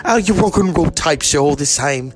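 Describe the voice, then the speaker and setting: A man voicing a smug male devil who mocks his visitor in a sneering, drawn-out way. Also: fairly high pitch, animated, voice pushed up, natural voice. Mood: mocking.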